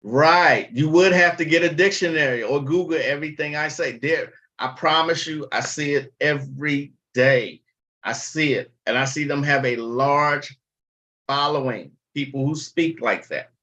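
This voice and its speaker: A man's voice: on the high side, a little slow, pushed and bright, lo-fi sound. A man hosting a casual livestream, talking bluntly and chattily and swearing freely. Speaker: livestream host.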